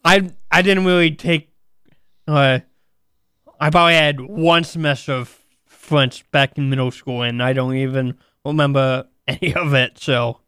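A man's voice: mid-range voice, fairly even intonation, measured pace, a bit bright, smooth, dry recording. A man co-hosting a radio show in casual chat, mostly giving brief, agreeable replies. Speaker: radio co-host. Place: radio studio.

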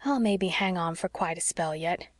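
A woman reading the part of a frail, gentle old sea captain, speaking softly and wistfully in a low voice. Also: normal speed, dry recording, natural voice. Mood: tender.

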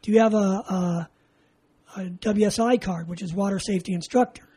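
A man's voice: sits high, normal speed, husky, poor audio. Older man from California telling a war story. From California, USA. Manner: animated, acts out dialogue, laughs often. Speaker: interviewee, veteran. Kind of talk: oral history storytelling.

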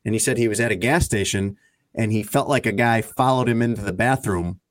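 A man's voice: fairly low pitch, a little fast. A man hosting a casual talk show, running through news items and teasing his co-hosts. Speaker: host.

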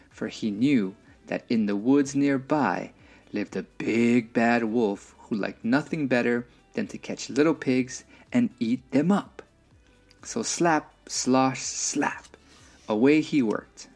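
Man, storybook reader, expressive, gravelly, soft music under. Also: mid-range voice. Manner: expressive, sound effects and sung rhymes. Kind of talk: reading a children's storybook aloud.

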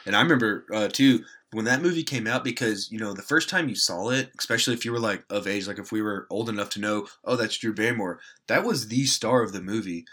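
A man's voice: lowish voice, fast, hardly any pauses, bright, forceful tone. A man co-hosting a podcast, talking bluntly and swearing freely in casual chat. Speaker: podcast co-host.

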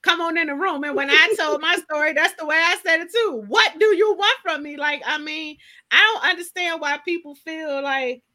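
High bright-voiced woman hosting a faith podcast, preachy and hyped, aave. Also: normal speed. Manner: lively, preachy, call-and-response. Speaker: podcast host. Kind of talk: casual faith talk.

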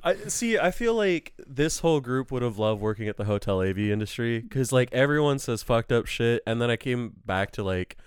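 A man's voice: medium pitch, lively intonation, normal speed, hardly any pauses, clean tone, no room sound, clean studio sound. A man in casual chat, telling profane, joking stories about work.

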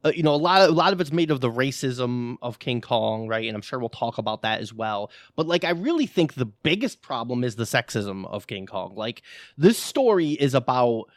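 A man's voice: medium pitch, big pitch swings, normal speed, no echo, studio quality. A man co-hosting a casual film podcast, blunt and opinionated, cursing as he makes his point. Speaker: podcast co-host.

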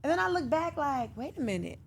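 Animated woman telling stories. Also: high voice, a little fast, creaky, a little hiss or hum. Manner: animated storyteller, acts out quoted lines. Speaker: podcast guest. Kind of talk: casual interview chat.

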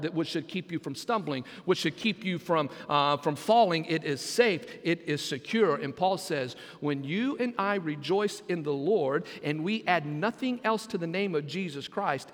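High-voiced pastor preaching in a hall. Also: male voice, expressive, moderate pace, hardly any pauses. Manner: preaching with jokes and call-and-response asides. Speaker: senior pastor. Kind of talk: sermon.

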